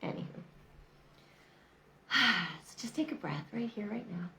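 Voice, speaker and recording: A woman's voice: on the high side, animated, measured pace, vocal fry, bright, forceful tone, slight background noise, poor audio. A middle-aged woman talking to camera in a casual, motivational way, emphatic and repetitive, with chatty asides. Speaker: vlogger.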